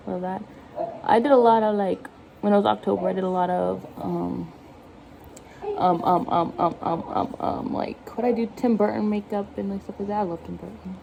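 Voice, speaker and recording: A young woman talks casually to her camera while she cooks in her kitchen at home. Her voice is mellow and warm. She rambles and jokes, often at her own expense. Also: mid-range voice, fairly even intonation, moderate pace, vocal fry, slight background noise. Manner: rambling, jokey, self-mocking. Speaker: vlogger. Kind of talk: casual chat while cooking.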